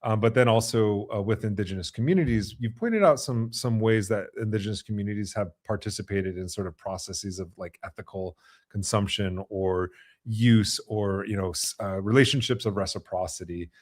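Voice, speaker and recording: A man's voice: on the low side, normal speed, dry recording, studio quality. A man hosting a podcast interview, talking thoughtfully with many fillers and restarts. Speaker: podcast host. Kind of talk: conversational interview.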